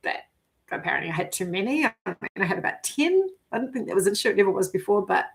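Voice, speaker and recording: A middle-aged woman telling her own story in a loose, chatty vlog. Her voice sits at an ordinary pitch for a woman. She is animated and giggly, swears offhandedly, and quotes her own thoughts aloud as she goes. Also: fast talker, vocal fry. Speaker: vlogger. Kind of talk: casual personal storytelling.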